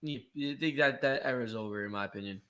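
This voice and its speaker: A young man co-hosting a casual sports podcast, excitable and quick to trash-talk, on a computer mic. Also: mid-range voice, clear, resonant tone. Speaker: podcast co-host.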